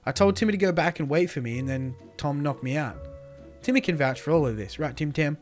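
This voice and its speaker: High-voiced excitable young man. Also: fairly quick, soft background music. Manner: excitable, calls everyone dude and man. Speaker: roleplay series host playing himself. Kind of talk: Minecraft roleplay chat.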